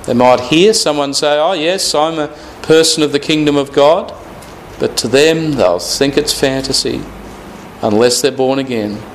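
A man's voice: fairly high pitch, a little slow, a little hiss or hum, rough recording. A man teaching through the Bible verse by verse, reading scripture aloud and stressing key words with rhetorical questions. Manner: repeats phrases, asks rhetorical questions.

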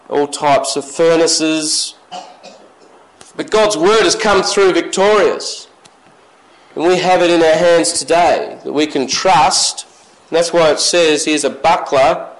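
Man, sermon, slightly high voice, slow emphatic scripture reading. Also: low-quality recording. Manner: reads scripture slowly, raising pitch for emphasis. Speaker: preacher.

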